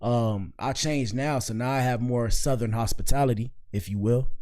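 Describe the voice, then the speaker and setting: A man's voice: medium pitch, moderate pace. Rambling man reacting to clips. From Miami, Florida. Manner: rambling, slangy, frequent shout-outs. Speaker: commentary show host. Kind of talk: casual reaction commentary.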